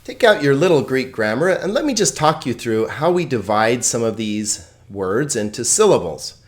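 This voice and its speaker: Man, teacher, lively and playful pitch, jokes between carefully spelled-out words. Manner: chatty, joking, laughs at own puns; slow, careful pronunciation of example words. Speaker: Greek teacher. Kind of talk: recorded video lesson.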